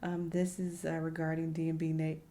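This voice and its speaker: A woman's voice: low-pitched, completely flat delivery, moderate pace, warm tone. Chatty, laughing young woman reacting. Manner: chatty, laughs often, slangy asides. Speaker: reaction YouTuber. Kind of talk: casual reaction commentary.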